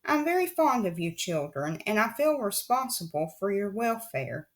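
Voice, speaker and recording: A woman's voice: mid-range voice, very animated, normal speed, close to an everyday voice. A woman voicing a kindly older woman judge who speaks indignantly about wrongdoing and fondly to children, in an audiobook reading. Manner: indignant, then warm and fond. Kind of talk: audiobook character voice.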